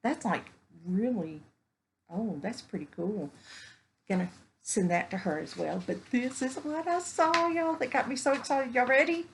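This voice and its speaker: A woman's voice: on the high side, a little slow, creaky, slight background noise. A woman, chatting casually while unboxing crafts at home, gushing and exclaiming over each find. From Texas. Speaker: vlogger. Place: home indoors, evening.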